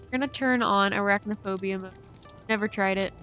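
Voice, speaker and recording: A woman's voice: mid-range voice, fairly even intonation, fairly quick, sharp tone, faint music behind. A young woman with a light Southern American accent, chatting casually and rambling to her chat while she plays a game. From Southern United States. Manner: chatty, rambling, giggly, talks to herself while playing. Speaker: game streamer.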